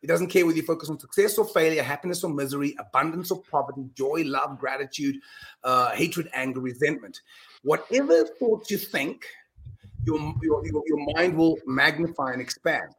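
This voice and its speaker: A middle-aged man speaking as a guest on an interview podcast. He talks in an emphatic, earnest way, with quick restarts and repeated words. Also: on the high side, fairly bright tone, slight background noise. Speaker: guest speaker on mind power. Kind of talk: animated storytelling in a podcast interview.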